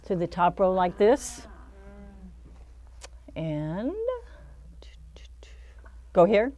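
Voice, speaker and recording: A middle-aged quilting instructor with a lowish, warm voice and lively intonation speaks extremely slowly, pausing often. She teaches a quilting pattern in a shop studio, talking through each step in a relaxed, chatty way and laughing at her own errors.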